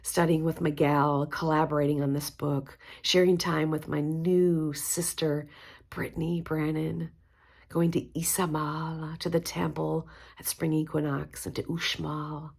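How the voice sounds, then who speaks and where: Low, husky woman guiding mantras. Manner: gentle, unhurried, encouraging. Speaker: spiritual teacher. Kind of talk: guided mantra practice.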